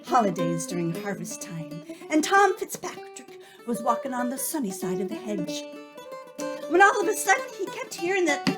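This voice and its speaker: Animated woman telling folktales. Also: high-pitched. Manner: animated, playful, drawn-out storytelling delivery. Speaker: storyteller and co-host. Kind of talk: folktale storytelling with banter. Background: guitar music.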